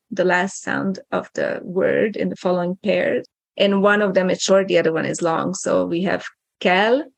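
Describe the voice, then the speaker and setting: Casting: woman teacher, gravelly voice, methodical explainer, dry close sound. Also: medium pitch, no room sound. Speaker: guest language teacher. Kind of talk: explaining pronunciation.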